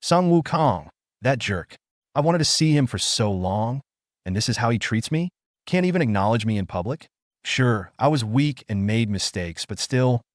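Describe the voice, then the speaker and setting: A man's voice: mid-range voice, lively intonation, normal speed, no echo, studio quality, close to an everyday voice. A man voicing a frustrated young man from a comic recap, speaking emphatically in a raised voice. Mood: bitter. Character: frustrated young man, bitter then resolute.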